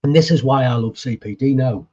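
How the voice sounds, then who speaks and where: A man's voice: mid-range voice, fairly quick, mellow, lo-fi sound. A man telling a story in casual conversation, chatty and swearing freely as he acts out past conversations. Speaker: podcast co-host appearing as guest.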